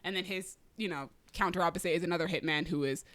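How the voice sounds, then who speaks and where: A woman's voice: lowish voice, fast, a bit bright, no room sound. Chatty female podcast co-host, rambling, lots of fillers, dry close mic. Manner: rambling, many fillers, laughs easily. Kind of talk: casual movie review chat.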